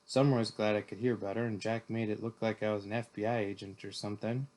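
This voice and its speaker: A man's voice: fairly low pitch, level tone, fast, darkish tone. A man reading a novel aloud in first person, plainly, with the odd slip and restart. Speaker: reader.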